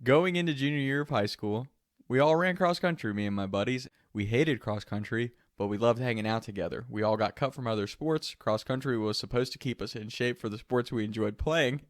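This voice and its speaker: A man's voice: medium pitch, fairly quick, dry recording, clean studio sound. Casual laughing young man telling a story. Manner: laughs through the telling, animated. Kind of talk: casual anecdote.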